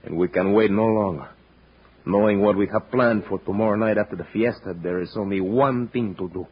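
An actor playing a scheming young bandit captain in a 1950s radio drama. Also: male voice, fairly low pitch, fairly quick, slightly rough. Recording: dull lo-fi old radio recording with faint hiss.

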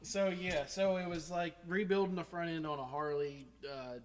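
A man with a slightly high voice, laughing easily and wry as he tells his story. He sounds casual and relaxed, with a faint hiss of background noise under an early podcast recording. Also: moderate pace. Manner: laughs often, wry and self-deprecating. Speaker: podcast co-host. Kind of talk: casual chat.

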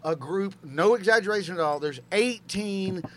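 A middle-aged man, a stand-up comedian, telling a profane story in casual chat and voicing the people in it. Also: high voice. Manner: fast, profane, animated storytelling with voiced quotes.

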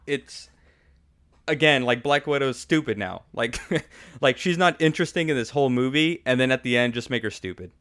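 A man's voice: mid-range voice, moderate pace, a bit bright, clean tone, no echo, studio quality. A man hosting a podcast, giving an opinionated, sarcastic movie review in casual chat and laughing often. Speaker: podcast host.

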